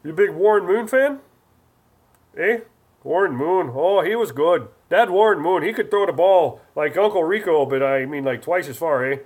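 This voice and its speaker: A man's voice: fairly high pitch, lively intonation, normal speed, husky. A man putting on a folksy, teasing mock Canadian guy who ends his lines with "eh".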